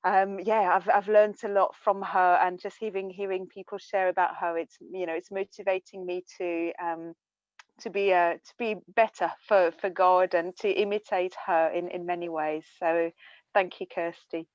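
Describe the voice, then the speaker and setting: A woman's voice: on the low side, flat delivery, moderate pace, dry recording. A woman from France sharing a heartfelt memory on a video call, hesitant with many fillers and restarts. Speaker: church member sharing a memory. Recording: dull lo-fi video call audio.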